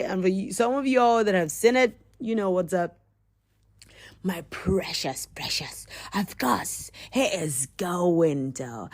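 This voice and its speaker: A woman hosts a comedic news riff, her fairly high voice swinging widely in pitch as she exclaims and laughs her way through. She rambles and circles back on her own words. The sound is dry and close, with almost no room around her. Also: darkish tone, no echo. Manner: rambling, repeats herself. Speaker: podcast host.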